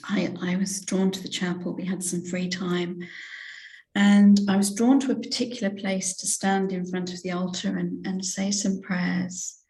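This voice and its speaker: A woman in her sixties with an English accent, a reverend recounting a spiritual experience as an interview guest, hesitant and heartfelt, with many pauses and restarts. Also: mid-range voice, level tone, a little mellow. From England. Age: 60s. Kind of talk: personal spiritual testimony in an interview. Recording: roomy echo.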